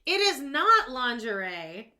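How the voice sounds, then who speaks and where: Woman co-host, bright forceful voice, rambling emphatic gossip. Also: sits high, very animated, slow. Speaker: podcast co-host. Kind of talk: casual gossip chat.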